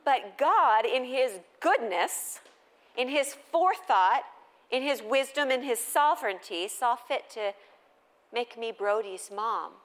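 A middle-aged woman giving a humorous storytelling talk at a faith gathering, lively and conversational, often asking the audience questions. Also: a little high, takes it slowly, in a large hall.

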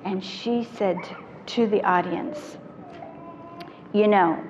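Woman, middle-aged, child therapist, animated storyteller, acts out voices, dull lo-fi sound, faint hiss. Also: mid-range voice, takes it slowly. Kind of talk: storytelling talk to parents. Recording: reverberant hall, dull lo-fi sound, faint noise.

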